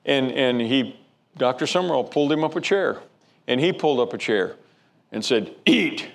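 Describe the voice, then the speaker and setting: Casting: male pastor, mid-pitched, gravelly, sermon storytelling with stumbling restarts. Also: animated, normal speed. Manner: storytelling, frequent stammered restarts.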